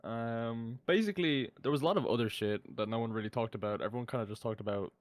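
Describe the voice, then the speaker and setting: A man's voice: medium pitch, quick pace, no room sound. A young man co-hosting a podcast, rambling and swearing in casual chat. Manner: rambling, sweary, laughs often. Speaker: podcast co-host.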